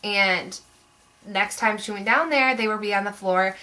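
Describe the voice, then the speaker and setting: A woman's voice: mid-range voice, unhurried, sharp tone, low-quality recording. A young woman vlogger telling a story to camera in a chatty, rambling way, full of "like" fillers.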